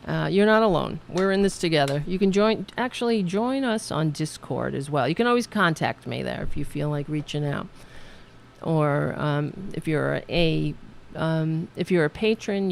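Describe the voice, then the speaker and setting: A woman's voice: low voice, measured pace, gravelly, slight background noise. Chatty woman hosting a live stream. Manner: chatty, animated, laughs often, trails off and restarts. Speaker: political show host. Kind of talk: casual live-stream talk.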